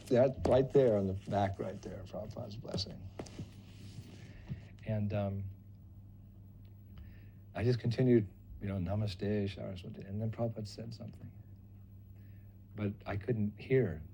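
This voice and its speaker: A man's voice: mid-range voice, a little hiss or hum. Older man telling a personal story. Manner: animated, acts out other people's lines. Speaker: devotee recalling memories.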